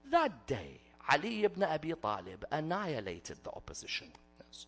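A man giving a religious sermon in a gathering hall, telling stories dramatically and swinging between loud declarations and hushed asides. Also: a little high, huge pitch swings, normal speed, breathy edge, soft background music. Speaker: preacher.

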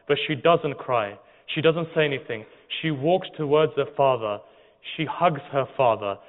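A man preaching an emotional sermon, telling a mournful story and asking the audience rhetorical questions. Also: mid-range voice. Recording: tinny phone-like sound in a reverberant hall.

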